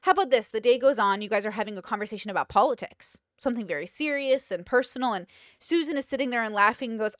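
A woman podcast host talks in a casual monologue with a slightly high voice. She is emphatic and chatty and keeps asking rhetorical questions. The sound is dry, with no room echo. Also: quick pace, fairly bright tone.

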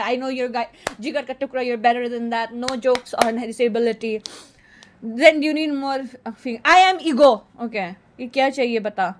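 A woman with an Indian accent, chatting casually on a livestream, playful and boastful as she reads quiz statements aloud and answers them. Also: high-pitched. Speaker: streamer.

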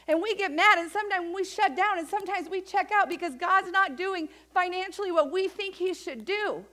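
A woman pastor preaching a sermon in a church, animated and acting out the voices of the people in her story. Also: extremely high pitch, moderate pace, hardly any pauses. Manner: animated, acts out quoted voices of Mary and others.

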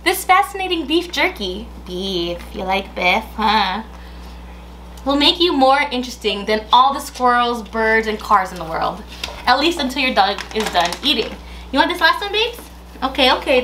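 A woman casually unboxes a pet subscription box, talking to her dog in a coaxing, sing-song baby-talk voice and gasping and laughing as she goes. Her voice is high-pitched, bright and forceful, with a little hiss or hum in the audio.

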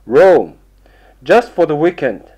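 Man as easygoing young traveler, slightly higher voice, unhurried, textbook dialogue. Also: sing-song, a little mellow, breathy edge, heavily acted, low-quality recording. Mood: friendly. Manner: casual, apologetic. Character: friendly young man at airport.

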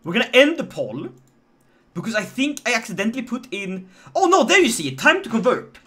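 A man with a Swedish accent commentating his live game stream, joking and animated as he talks to chat. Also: extremely high pitch, brisk.

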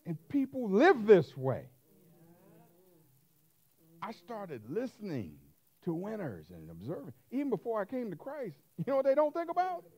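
Male pastor, high-pitched for a man, animated sermon, wildly varied pitch, acts out scenes. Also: normal speed, pauses often. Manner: animated storytelling, acting out scenes, colloquial.

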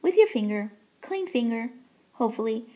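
A woman's voice: a little high, expressive, normal speed, warm tone. A woman beauty vlogger talking casually through a makeup tutorial, chatty and giggly with plenty of fillers.

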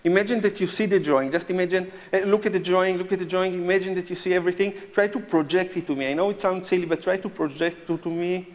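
A man's voice: high-pitched, fairly even intonation, fast, few pauses. A man performing as a mentalist on a live stage, joking nervously with volunteers in slightly unidiomatic English. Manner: joking, nervous, non-native phrasing. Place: large theatre stage before a live audience. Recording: live stage sound with long hall reverb and audible noise.

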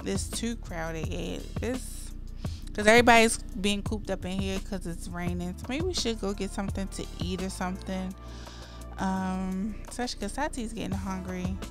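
A woman giving casual, expressive gameplay commentary as a gaming creator, chatty and at times heated and dramatic. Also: medium pitch, moderate pace, over music.

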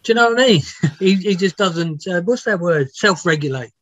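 A man's voice: sits high, lively intonation, normal speed, fairly bright tone, no room sound. A man, a music biographer, telling rambling, laughing anecdotes with some swearing in a casual interview. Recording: dull, dry lo-fi sound.

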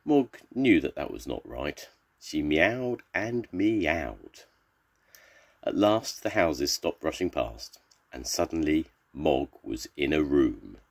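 An older man reading a children's storybook aloud in a slow, expressive way. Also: creaky, breathy edge. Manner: slow and expressive, with lots of pitch swings.

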